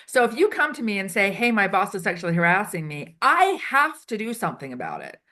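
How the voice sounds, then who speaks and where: A woman consultant being interviewed, chatty and animated, acting out quoted lines as she explains. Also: mid-range voice, a little fast. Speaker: HR consultant and improv performer. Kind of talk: casual interview answers. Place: Switzerland.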